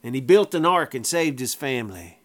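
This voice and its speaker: A man's voice: medium pitch, sing-song, normal speed. A man preaching a sermon, emphatic, repeating phrases for effect in plain folksy wording.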